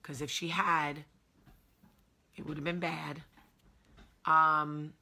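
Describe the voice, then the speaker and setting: A woman's voice: sits low, level tone, slow, bright, forceful tone, breathy edge. A woman in her thirties with a New Jersey accent, hosting a candid personal vlog in an emotional, confessional way. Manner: emotional, confessional, emphatic repetition. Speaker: show host.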